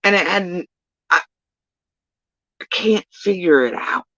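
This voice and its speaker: A woman's voice: fairly low pitch, slow pace, a bit bright, dry recording, dull audio. A woman hosting a livestream, ranting in casual, sarcastic and profane reaction commentary. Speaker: livestream host.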